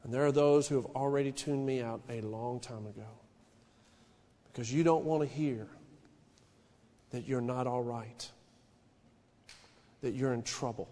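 A male pastor preaching a sermon in a church, shouting some lines and dropping to a hushed warning on others. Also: unhurried, long pauses, big-room sound. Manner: fervent preaching, swinging from shouted declarations to low hushed warnings. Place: church sanctuary.

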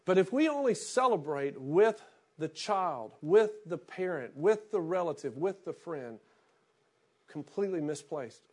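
A middle-aged man, a pastor, reading scripture aloud and then preaching in a relaxed, storytelling way. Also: fairly high pitch, unhurried.

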